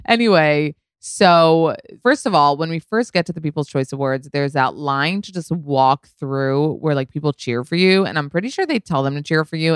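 A woman talks through her podcast in a low, smooth voice, recorded close and dry with no room around it. She rambles in casual chat, leaning on "like" and "you know" and letting a swear word slip now and then. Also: a bit bright, no echo. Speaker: podcast host. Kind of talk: casual solo podcast storytelling.

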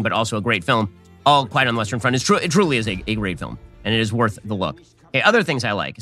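Fast-talking guy doing his commentary show, snarky, tense bright voice, tripping over restarts. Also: mid-range voice, no echo, clean studio sound. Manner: rapid, sardonic, many quick restarts. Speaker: political commentary host. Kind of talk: fast opinion monologue.

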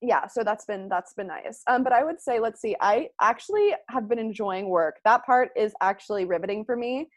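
Sex: woman. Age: 20s. Role: podcast host. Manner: giggly, chatty, full of "like". Pitch: a bit high. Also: animated, normal speed, few pauses, no room sound. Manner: giggly, chatty, many fillers. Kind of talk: casual chat.

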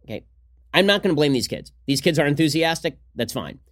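Male podcast host, sarcastic and combative, rapid-fire delivery, slightly high voice. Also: very animated, fairly bright tone. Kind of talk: fast solo political commentary.

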